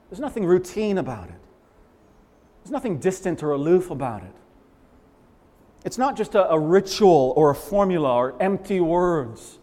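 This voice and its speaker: A man's voice: high-pitched, big pitch swings, moderate pace. Fervent preacher man in a reverberant hall. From Massachusetts, USA. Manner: fervent, emphatic with sudden loud swells and hushed drops. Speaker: pastor. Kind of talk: sermon. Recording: long reverberant hall echo.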